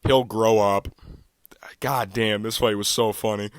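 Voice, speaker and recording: Excitable, swearing man recapping fights. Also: lowish voice, unhurried, no echo, studio quality. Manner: excitable and profane, laughing often. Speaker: MMA fight recap YouTuber. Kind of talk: casual fight recap commentary.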